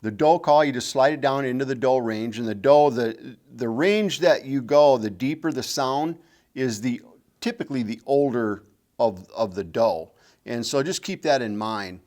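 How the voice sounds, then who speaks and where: Here a game call instructor, a middle-aged man, walks through calling technique in a teaching demo. He speaks at a normal speed in a mid-range, somewhat mellow voice, going over the important points again and again with patience.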